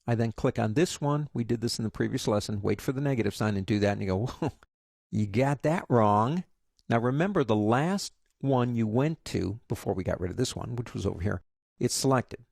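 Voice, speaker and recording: Gravelly-voiced man teaching software. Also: mid-range voice, brisk, dry recording, clean studio sound. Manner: chatty, joking asides, guiding step by step. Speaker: software instructor. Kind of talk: screen-recorded tutorial.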